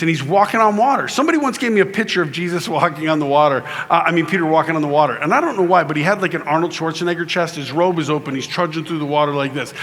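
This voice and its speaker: Animated man telling stories onstage. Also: sits high, slight background noise. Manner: animated storyteller who acts out voices. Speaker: keynote speaker. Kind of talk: humorous faith talk to a live audience. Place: conference hall in Louisiana.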